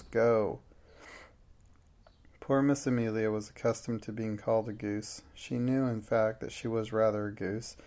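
A man reading a classic novel aloud in a steady, measured narration. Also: mid-range voice. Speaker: audiobook narrator. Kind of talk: scripted narration.

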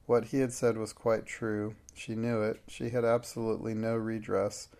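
Male narrator, audiobook reading, low voice, level monotone. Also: moderate pace. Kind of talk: scripted narration.

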